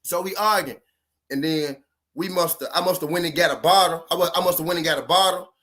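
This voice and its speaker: A fast-talking man with a fairly high pitch and fairly bright tone shares a relationship story with viewers. He's a vlogger handing out relationship advice, and his street talk is profane, repetitive and heavy on emphasis.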